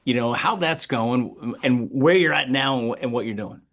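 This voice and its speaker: A man's voice: medium pitch, moderate pace, fairly bright tone. A man hosting a podcast, asking questions and encouraging his guest with frequent short agreement. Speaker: podcast host. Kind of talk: casual interview.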